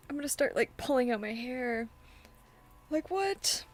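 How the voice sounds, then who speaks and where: A woman's voice: sits high, expressive, a little slow. A young woman streaming a visual novel, reacting in an exasperated way with frequent sighs and fillers. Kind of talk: casual gameplay commentary.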